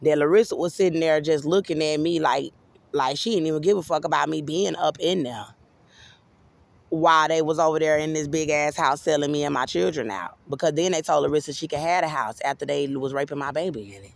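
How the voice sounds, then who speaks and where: A woman's voice: low-pitched, brisk, vocal fry, no room sound. A woman giving an agitated, rambling personal monologue to camera, swearing freely. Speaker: vlogger.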